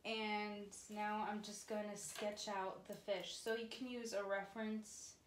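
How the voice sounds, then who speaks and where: A woman's voice: medium pitch, little pitch movement, measured pace, slight background noise. Chatty young woman in an echoey room. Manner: chatty, rambling, says um and like a lot. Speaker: vlogger. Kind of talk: casual painting tutorial chat. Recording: roomy echo with music behind.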